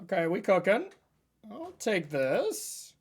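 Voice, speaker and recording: A man streaming a card game, thinking aloud about his plays in a relaxed, chatty way. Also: high-pitched, takes it slowly, husky. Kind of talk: casual gameplay commentary.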